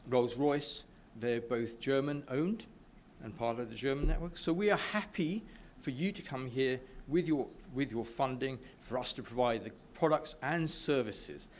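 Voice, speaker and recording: A man from the UK talks to a business crowd with eager enthusiasm, often tripping over his words and starting sentences again. His voice sits at an ordinary middle pitch. A faint background noise runs beneath him. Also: unhurried, few pauses. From United Kingdom. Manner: enthusiastic, stumbles and restarts often. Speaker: speaker at a business networking event. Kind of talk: informal speech to an audience. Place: event room with a live audience.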